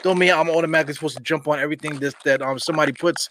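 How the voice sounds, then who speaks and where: A man from Brooklyn hosts a casual sports podcast. He rambles in a slightly high voice, full of fillers and street slang, over a faint background hiss. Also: fairly even intonation, racing, fairly bright tone, rough recording. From Brooklyn, New York. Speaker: podcast host.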